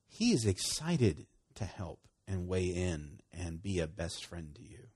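Male preacher, casual sermon, animated delivery, slightly husky, very lively intonation. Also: deep voice, a little slow, few pauses. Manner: animated, acts out voices of prayer and God.

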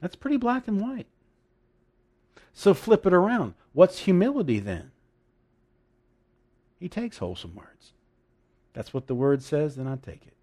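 Guy preaching a sermon, lively voice going all over, emphatic and chuckling. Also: sits high, a little slow, pauses often. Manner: animated, laughing asides, dramatic emphasis.

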